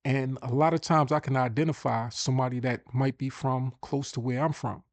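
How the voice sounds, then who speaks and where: A man's voice: mid-range voice, fairly even intonation, a little fast, no echo. A man hosting a casual screen-share tutorial, chatty and thinking aloud as he repeats himself. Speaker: host.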